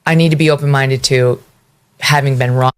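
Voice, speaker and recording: A woman's voice: very deep voice, fairly even intonation, normal speed, clear, resonant tone. A woman host in an interview, speaking earnestly at length with some restarts. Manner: earnest, long-winded, restarts. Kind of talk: interview questioning.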